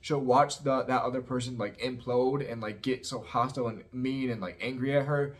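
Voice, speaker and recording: A man's voice: medium pitch, a little fast. A man recapping a reality show in a casual, opinionated, sassy way, peppering his talk with "like" and "girl". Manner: sassy, animated, heavy use of "like" and "girl".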